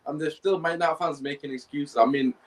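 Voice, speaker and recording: A man's voice: on the high side, fairly even intonation, fairly quick, a little hiss or hum, poor audio. A man hosting a football podcast, talking in a blunt, emphatic and exasperated way. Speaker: podcast host. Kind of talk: casual chat, football debate.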